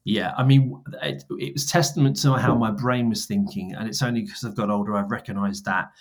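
A man in his forties, a guest on an interview podcast, telling stories with lively quoted dialogue. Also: lowish voice, brisk. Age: 40s. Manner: animated, acts out dialogue in quoted voices. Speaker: guest, brand founder. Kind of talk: storytelling interview answers.

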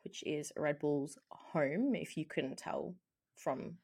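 A woman's voice: deep voice, slow pace, creaky, a little mellow, breathy edge. A woman co-hosting a casual podcast chat, playful and steering the topics. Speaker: podcast co-host.

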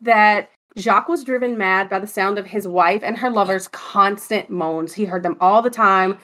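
A woman's voice: medium pitch, moderate pace, a bit bright. A woman co-hosting a casual chat, telling ghost stories in a joking, chatty way. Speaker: podcast co-host.

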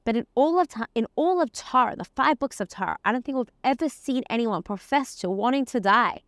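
Her fairly high voice moves a little fast with lively intonation as she explains the weekly Torah portion in a relaxed, conversational way, dropping in Hebrew terms and verses. It's a dry, clean studio recording.

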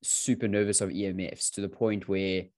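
A man's voice: low voice, flat delivery, moderate pace, darkish tone, no room sound, clean studio sound. A man co-hosting a podcast in casual chat, often restarting and searching for the right word. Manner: searching for words, repeats and restarts. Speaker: podcast co-host.

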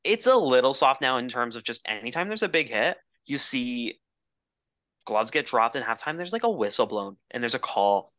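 A man co-hosts a hockey podcast, chatting casually in an animated, mid-range, slightly bright voice at a moderate pace. He's emphatic and leans heavily on fillers like "like" and "dude," with no room sound.

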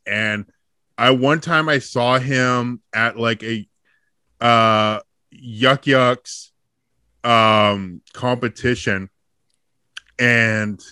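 Bright-voiced young man rambling a story. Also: mid-range voice, no room sound, studio quality. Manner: rambling storyteller, frequent "like" fillers, laughs often. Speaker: podcast co-host, comedian. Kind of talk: casual chat.

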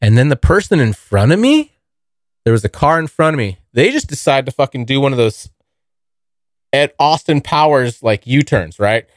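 Man, young adult, podcast host, rambling casual storytelling, heavy swearing, animated pitch, dry close sound. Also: moderate pace, dry recording. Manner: rambling, heavy swearing, addresses listeners as dude.

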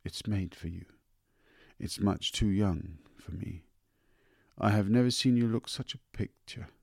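A man's voice: fairly low pitch, a little slow, vocal fry, a little mellow, breathy edge, no room sound, studio quality, full character voice. A man voicing a middle-aged upper-class mother who speaks in an airy, dismissive way.

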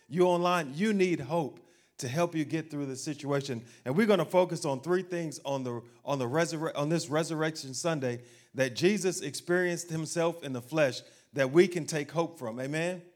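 Conversational preacher with a lively delivery. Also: male voice, a little high, normal speed. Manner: conversational preacher, asking the crowd questions and acting out everyday voices. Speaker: pastor. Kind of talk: sermon.

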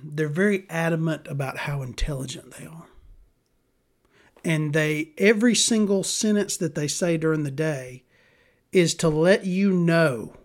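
A woman from Alabama talks. She tells stories in a casual, exasperated rant, blunt and full of profanity. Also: low voice.

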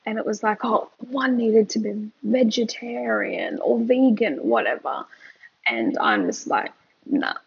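A woman's voice: a little high, lively intonation, measured pace, creaky, highs cut off, a little hiss or hum. A mother co-hosting a parenting podcast, chatting candidly and laughing as she tells stories, worn out from lost sleep. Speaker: podcast co-host. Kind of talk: casual chat.

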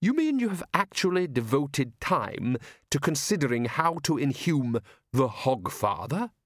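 A man's voice: mid-range voice, very animated, unhurried, fairly bright tone, dry recording, clean studio sound, pitched above the performer's own voice. A man voicing an older, pompous guild lord who asks fussy, startled questions in a raised voice. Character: older male guild head, pompous, flustered.

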